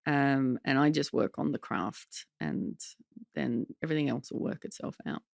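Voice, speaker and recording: A woman guesting on a podcast, talking in a gravelly, rough-edged voice with a wry, dry humor. She hesitates often and fills gaps with ums. The sound is close and dry, with no room around her. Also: rumbling low, lively intonation, normal speed, darkish tone, no room sound. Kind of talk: casual conversation.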